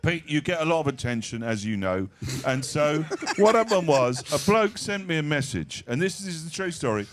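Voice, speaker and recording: Animated man telling stories on stage. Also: fairly high pitch, normal speed, hardly any pauses, noisy background. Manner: animated anecdotes with acted-out voices. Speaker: comedian guest. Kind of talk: live on-stage storytelling. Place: live event stage. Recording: echoey live stage sound.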